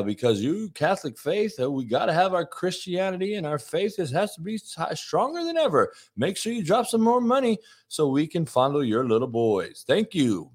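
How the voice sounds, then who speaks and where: A man putting on the voice of a TV news anchor, announcing in a flat, mock-serious way with hesitations. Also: medium pitch, voice pushed down, close to an everyday voice. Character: deadpan male TV news anchor.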